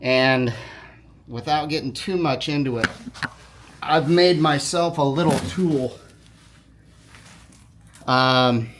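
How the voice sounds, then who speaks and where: A man with a middle-pitched voice talks through a repair job as he works, loose and informal. He corrects himself as he goes and drops in quick apologies, sounding like a hands-on DIY video host. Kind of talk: casual how-to narration.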